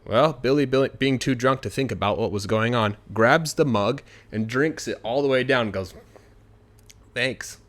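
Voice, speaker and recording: A man telling a folk tale in a relaxed, conversational way, adding asides like "you know". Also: medium pitch, moderate pace, hardly any pauses. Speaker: storyteller. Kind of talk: casual spoken storytelling.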